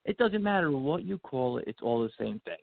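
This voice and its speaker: A man tells a heartfelt personal story in a gravelly, husky voice whose pitch rises and falls a great deal. He is animated, acts out the lines of the people in his story, and keeps restarting his sentences. The sound is narrow and phone-like, and the room is dry. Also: fairly quick, a crowd in the background. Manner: animated, acts out quotes, frequent fillers and restarts. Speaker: podcast guest. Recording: phone-like narrow band audio.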